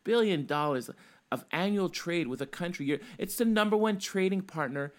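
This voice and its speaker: A man with a slightly raised pitch co-hosts a casual podcast, talking with emotion. He gets animated and restarts his sentences as he goes. He grew up in Canada. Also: moderate pace, clean tone. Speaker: co-host.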